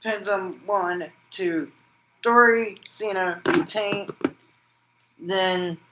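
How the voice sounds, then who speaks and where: A man hosting a wrestling vlog, narrating an imagined match like play-by-play and shouting out the pin counts. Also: sits high, fairly even intonation, extremely slow, noisy background. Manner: breaks into loud shouted pin counts and move calls; rambling, restarts sentences with "and then". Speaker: wrestling vlogger host. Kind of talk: excited fantasy-booking play-by-play.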